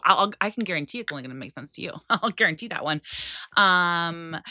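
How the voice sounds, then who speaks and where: Woman co-host, low and bright-toned, blunt teasing banter, dry close mic. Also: no echo. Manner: blunt, teasing, swears casually. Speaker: podcast co-host. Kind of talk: casual chat.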